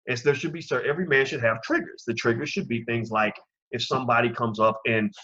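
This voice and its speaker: Male commentary host, husky, impassioned preacher-style delivery, muffled lo-fi sound. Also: medium pitch, brisk, fairly bright tone. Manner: impassioned, preaching, direct address to listeners. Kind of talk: opinion commentary.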